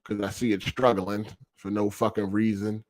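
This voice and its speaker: A man's voice: fairly low pitch, little pitch movement, normal speed, a little mellow. Profane, ranting male streamer. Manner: frustrated, swearing, slangy. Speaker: podcast host and streamer. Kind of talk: casual profane rant. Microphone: streaming setup over a weak connection.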